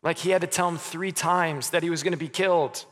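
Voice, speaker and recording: Earnest pastor preaching in a reverberant hall. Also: male voice, a little high, steady tone, a little fast. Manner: earnest, stammers on restarts, drops softly on key words. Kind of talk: sermon.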